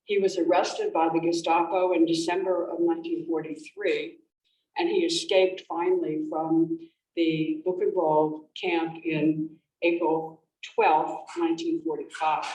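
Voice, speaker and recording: Woman author telling stories to an audience, low-ish voice, far from the mic. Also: darkish tone. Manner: storytelling, with frequent restarts and fillers. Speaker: author giving a library talk. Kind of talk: conversational presentation. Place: library event room. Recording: roomy, distant, faint background noise.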